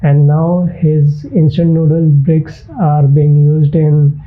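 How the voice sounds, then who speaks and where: A young man with an Indian English accent, telling a sit-down comedy monologue in a deadpan, exaggerating way. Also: on the high side, slow. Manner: deadpan storytelling with absurd exaggeration. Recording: tinny narrow-band sound.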